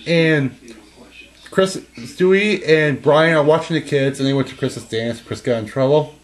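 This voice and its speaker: Young male co-host, casual and excitable, slightly high voice, laughs a lot. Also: measured pace, low-quality recording. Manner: excitable, laughs often, quotes lines in high silly voices. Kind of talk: casual chat.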